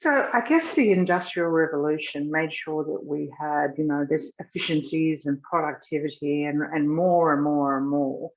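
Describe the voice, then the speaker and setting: A woman's voice: low voice, moderate pace, few pauses. A woman hosting an interview, thoughtful and conversational, with frequent "you know"s. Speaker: host. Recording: dull lo-fi sound.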